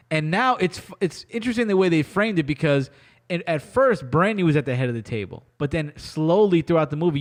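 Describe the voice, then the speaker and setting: A young man hosting a podcast, animatedly retelling a movie in casual chat and acting out the characters' lines. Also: on the high side. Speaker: podcast host.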